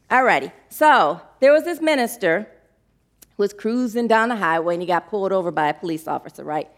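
A woman minister preaching a sermon to her congregation, animated and emotional, laughing often. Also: fairly high pitch.

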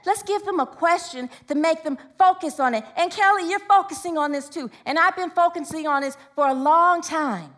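Bright-voiced woman minister preaching casually. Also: very high-pitched, moderate pace, few pauses. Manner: chatty, laughing, animated storytelling. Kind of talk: informal sermon with anecdotes.

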